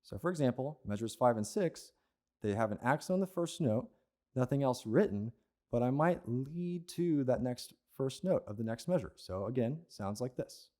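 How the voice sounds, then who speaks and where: A young man with a mellow, relaxed tone gives a patient, step-by-step percussion lesson. He often checks in with the listener with a quick "okay?" or "right?". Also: medium pitch. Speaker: percussion teacher. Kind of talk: instructional lesson.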